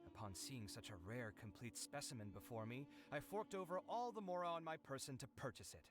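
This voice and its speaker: A man's voice: medium pitch, brisk, music in the background, close to an everyday voice. A man voicing a frazzled, broke young architect. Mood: explaining. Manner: exasperated, sighing, self-pitying. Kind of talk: game voice acting.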